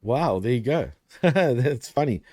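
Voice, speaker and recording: A man's voice: mid-range voice, lively intonation, slow, mellow, no room sound. A man co-hosting a casual wrestling recap show, laughing often and swearing, calling his co-host dude and bro.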